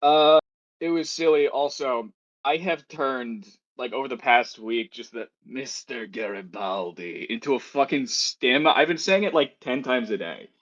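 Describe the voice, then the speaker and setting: A man's voice: medium pitch, expressive, measured pace, fairly bright tone, highs cut off. A man with a Midwestern accent, a guest on a casual stream, blunt and swearing freely. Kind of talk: casual reaction-stream chat.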